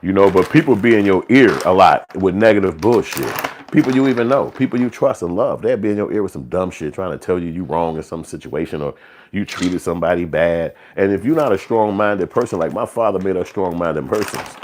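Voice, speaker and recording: Man, very low voice, casual profane monologue, streetwise. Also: a little fast, a little hiss or hum. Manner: profane, streetwise, slips into acted quotes. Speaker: livestream show host.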